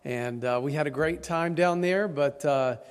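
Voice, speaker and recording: Tired East Tennessee preacher in a hall. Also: male voice, on the high side, unhurried, clear, resonant tone. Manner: folksy, self-deprecating humor. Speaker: district superintendent, guest preacher. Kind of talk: sermon introduction. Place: church sanctuary. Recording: long church hall reverb.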